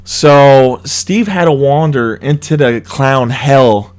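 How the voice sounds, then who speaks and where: A young man co-hosting a casual chat, excitedly retelling a scary trip with lots of swearing. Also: medium pitch, slow pace. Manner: excited, swears a lot, animated storytelling. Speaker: co-host.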